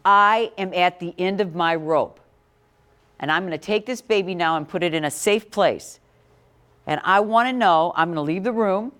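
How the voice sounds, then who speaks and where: A woman's voice: fairly low pitch, normal speed, a bit bright. A middle-aged woman teaching a classroom about infant care, talking directly and quizzing her students. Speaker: parenting educator. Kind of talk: classroom talk.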